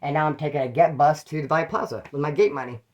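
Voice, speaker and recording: Fast-talking rambling man. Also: fairly high pitch, steady tone, darkish tone. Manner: rambling, slangy, acts out quoted voices. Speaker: ex-prisoner telling stories on his channel. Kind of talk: casual storytelling monologue.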